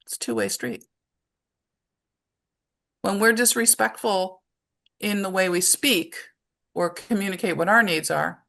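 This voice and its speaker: A woman with a low voice leads a parenting webinar, talking in a relaxed, conversational way. Her voice has a gravelly edge of vocal fry, and she explains her points through everyday examples. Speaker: webinar presenter for parents and teachers. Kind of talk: live webinar presentation.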